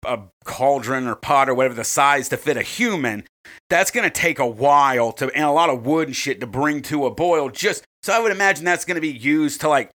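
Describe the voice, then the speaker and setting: A man's voice: medium pitch, animated, fairly quick, a bit bright. A man co-hosting a casual podcast, rambling with lots of fillers and swearing. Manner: rambling, profane, many fillers. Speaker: podcast co-host.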